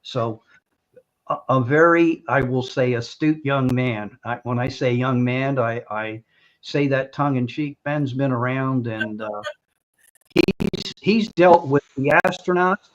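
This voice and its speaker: A man's voice: medium pitch, unhurried, highs cut off. An older man hosting a casual talk show, talking in a chatty, rambling way with restarts and little jokes. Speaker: show host.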